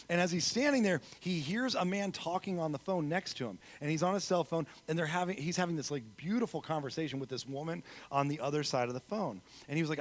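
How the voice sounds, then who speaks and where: Man preaching a lively sermon. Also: on the high side. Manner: storytelling with acted-out quotes, rising to loud emphasis then dropping soft. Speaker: guest speaker. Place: church sanctuary.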